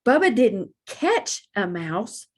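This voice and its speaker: A woman voicing an excitable storybook mother who turns shrill and frantic. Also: slow pace, slightly rough, exaggerated voice. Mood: soft realizing. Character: excitable mother, easily panicked.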